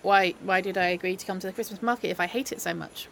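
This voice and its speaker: A woman's voice: mid-range voice, fast, creaky, fairly bright tone, slight background noise. A woman in an audio role-play, playing a grumpy, sarcastic young woman who hates Christmas and talks in an exasperated, mocking, dramatic way.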